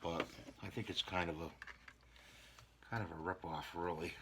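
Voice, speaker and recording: A man's voice: low voice, steady tone, moderate pace, noisy background. A man hosting a casual hobby repair vlog, rambling and talking to himself as he glues models together. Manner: rambling, talks to himself while gluing. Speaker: channel host repairing models.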